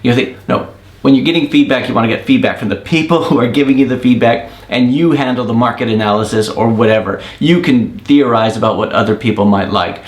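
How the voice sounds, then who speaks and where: A man at an ordinary, mid pitch talks through his thoughts as an indie app developer, drifting into a casual rant. His voice carries a roomy echo. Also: a little fast. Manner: thinking aloud, rambling rant. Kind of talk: casual daily monologue.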